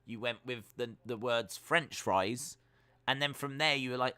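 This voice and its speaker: A British man hosting a live stream, reading viewer comments aloud and answering them with teasing, deadpan jokes. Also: medium pitch, a little slow, clean tone, no room sound. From United Kingdom. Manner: jokey, teasing, deadpan banter.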